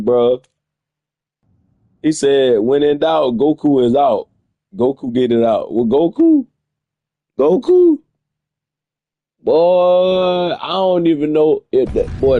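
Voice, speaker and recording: Gravelly-voiced man ranting in disbelief. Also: fairly high pitch, a little slow, mellow, dry recording. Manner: incredulous, profane, rambling rants. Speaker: streamer. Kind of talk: casual reaction commentary.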